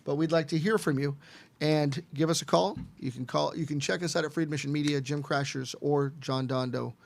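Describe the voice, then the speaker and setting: A male host with a gravelly, slightly raised voice. He jokes and teases the guests between plugging events. His casual banter comes from a studio. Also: a little high, fairly even intonation, a little fast, slight background noise. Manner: joking, promotional, teasing. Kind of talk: casual live show banter.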